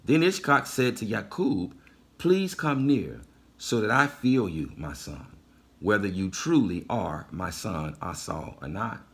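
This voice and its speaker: A man delivering a sermon, reading scripture in measured phrases before stepping out of the text to teach. His pitch rises and falls in an animated way, and he repeats key phrases to drive a point home. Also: creaky. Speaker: preacher.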